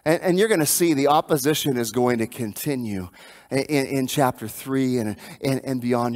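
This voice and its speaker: A male pastor preaching a sermon, animated and emphatic, repeating phrases for emphasis. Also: mid-range voice.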